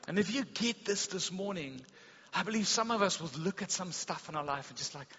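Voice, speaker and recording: A man delivers a sermon in a big hall, his bright, fairly high voice ringing with a long echo. The sound is a bit dull and lo-fi. He tells stories with animation, going loud and then suddenly quiet. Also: brisk. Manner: animated storytelling preacher, swings between loud and hushed. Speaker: pastor. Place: school hall service.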